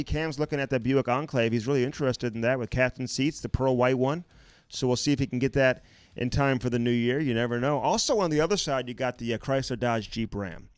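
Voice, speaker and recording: Podcast co-host, male, mid-pitch, salesy joking ad reads, dry close sound. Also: clear, resonant tone, no room sound. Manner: joking, salesy, rattles off sponsor plugs. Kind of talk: casual chat with live ad reads.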